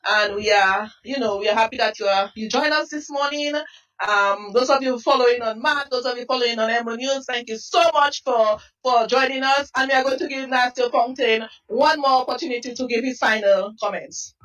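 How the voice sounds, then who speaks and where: High-voiced woman reporter asking questions. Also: fairly quick, a bit bright. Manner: brief prompting questions. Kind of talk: street interview. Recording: voice from some distance off the mic.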